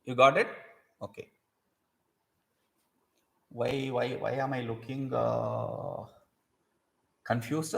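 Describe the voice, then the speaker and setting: Speaking slowly with a level tone, this man teaches grammar, pausing often as he patiently explains, repeats terms, and asks rhetorical questions. His medium-pitched voice is fairly bright and has vocal fry.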